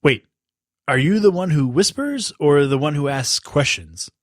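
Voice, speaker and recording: A clever young boy hero who argues and protests with quick wit, as a male storyteller voices him. The voice stays dry and close, with lively ups and downs. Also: fairly high pitch, dry recording.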